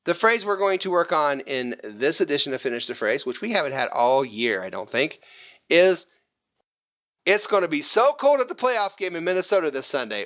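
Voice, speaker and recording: A man's voice: on the high side, sing-song, moderate pace, bright, forceful tone. A man hosting a fan call-in show in a playful, hammy, jokey manner. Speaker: host.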